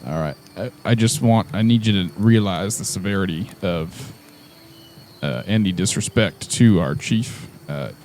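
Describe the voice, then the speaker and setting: A man's voice: deep voice, measured pace, a little mellow. A man playing a tribal leader in a tabletop game, speaking earnestly with lots of hesitant fillers. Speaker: player. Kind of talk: in-character tabletop role-play.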